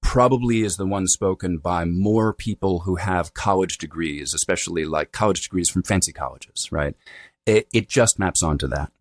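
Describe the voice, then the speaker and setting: Deep-voiced man explaining accents. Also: normal speed, no echo, clean studio sound. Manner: animated, lecturing, uses "right?" and "you know". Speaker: dialect coach guest. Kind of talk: explanatory podcast interview.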